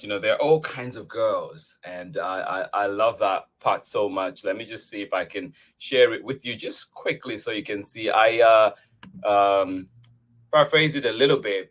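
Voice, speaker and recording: Male storytime host, bright and effusive, reads picture books aloud. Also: on the low side. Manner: effusive, thanks viewers often, laughs easily. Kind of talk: upbeat chat with viewers and read-aloud.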